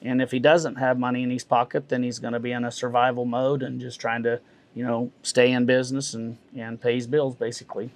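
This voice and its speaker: Folksy auctioneer, measured speech. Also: male voice, medium pitch, flat delivery. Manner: measured, folksy, many uh fillers. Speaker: realtor and auctioneer. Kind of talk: interview answers.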